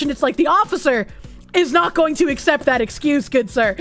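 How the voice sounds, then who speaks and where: A woman's voice: high-pitched, expressive, fairly quick, faint music behind. A young woman livestreamer in casual chat, reading viewer messages aloud, laughing often and swearing freely.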